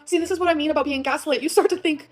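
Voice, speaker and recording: Fast-talking ranting woman vlogger. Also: sits high. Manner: rambling, profane, shifts between laughing and upset. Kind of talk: emotional vlog rant.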